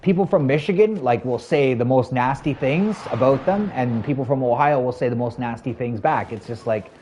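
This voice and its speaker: A man's voice: medium pitch, moderate pace, warm tone, a little hiss or hum. A man in his thirties chatting casually to his stream viewers, rambling loosely with lots of "like" and "you know". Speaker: live streamer.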